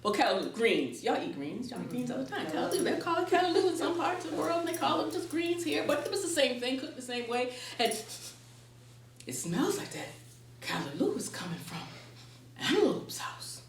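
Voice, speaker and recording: A woman telling a folktale to an audience, playful and expressive. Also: high-pitched, fairly quick. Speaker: storyteller and educator. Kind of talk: folktale storytelling to a live audience. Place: presentation room at a library. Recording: roomy, distant mic, faint background.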